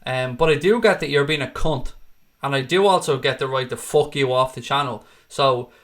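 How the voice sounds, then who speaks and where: A man's voice: medium pitch, normal speed, fairly bright tone. A man hosting a casual fan channel livestream, answering viewer comments in a blunt, outspoken and often profane way. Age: adult with a wife and kids.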